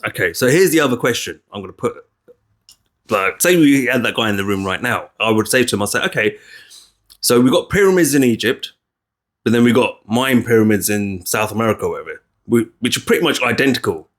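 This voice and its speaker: A man's voice: mid-range voice, lively intonation, fairly quick, fairly bright tone. Argumentative man on a podcast. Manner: argumentative, pressing rhetorical questions. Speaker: podcast co-host. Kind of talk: casual chat.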